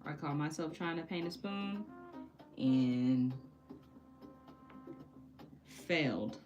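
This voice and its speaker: This painting vlogger speaks very slowly in a low, animated voice. Casual and a bit frustrated, she jokes at her own expense and laughs a lot as she paints, with gentle music playing behind her.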